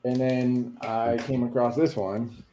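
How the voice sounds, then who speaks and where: A man speaks at an ordinary middle pitch, picking his way through thoughts with frequent pauses and fillers. His voice carries the echo of a reverberant room, casual podcast chat between friends. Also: level tone, dark tone, slight background noise. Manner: hesitant, many fillers. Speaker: podcast co-host, card collector. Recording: echoey room.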